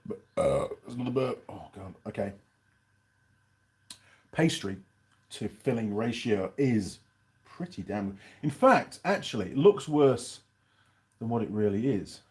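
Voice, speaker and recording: A man's voice: fairly low pitch, dark tone. A man hosting a casual live stream, reviewing a pie and chatting in a rambling way while he eats. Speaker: channel host reviewing pies on a live stream.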